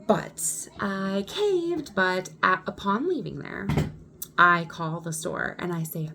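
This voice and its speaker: A woman vlogger telling a personal story in an animated, indignant way. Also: fairly low pitch, takes it slowly, gravelly, a little hiss or hum. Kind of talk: storytime vlog.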